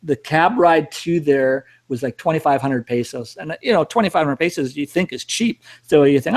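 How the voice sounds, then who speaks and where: A man's voice: a little high, lively intonation, moderate pace, few pauses. A middle-aged man casually telling a rambling, self-mocking travel story with some cursing. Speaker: storyteller host.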